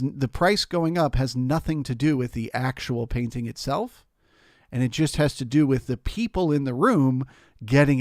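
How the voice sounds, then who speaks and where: Male stream host, mid pitch, casual chart explainer, dry booth sound. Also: a little mellow, no room sound. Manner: explanatory, talks through charts with restarts. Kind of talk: live market commentary.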